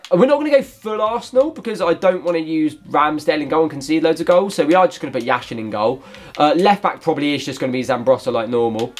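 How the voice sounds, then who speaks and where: Male gaming YouTuber, high voice with lots of swing, excitable play-by-play. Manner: excitable, shouts at the game. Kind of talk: gameplay commentary.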